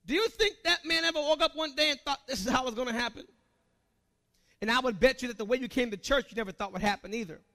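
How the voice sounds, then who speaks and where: A man preaching a sermon in an animated, emphatic way, firing off rhetorical questions at the congregation. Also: extremely high pitch, quick pace, gravelly, few pauses.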